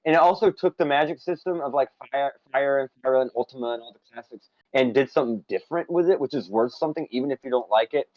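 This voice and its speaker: He's a podcast co-host in a casual chat about games, opinionated and moving down a list of points with playful asides. His mid-range voice comes quickly with few pauses, and the audio is dull, with no room sound.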